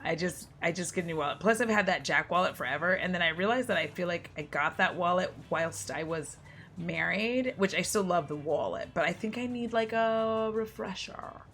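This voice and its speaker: A woman's voice: on the low side, expressive, moderate pace, fairly bright tone, a little hiss or hum. A woman chatting over her gameplay in a loose, unscripted way. She swears freely and laughs often, with plenty of exasperated asides. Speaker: game streamer. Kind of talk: casual gameplay commentary.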